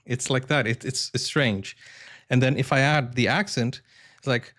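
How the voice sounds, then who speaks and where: A man's voice: mid-range voice, steady tone, moderate pace, a bit bright. A man who is an English teacher and a native Portuguese speaker, chatting casually and hesitantly as a reaction video host. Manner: chatty, hesitant, many ums and self-corrections.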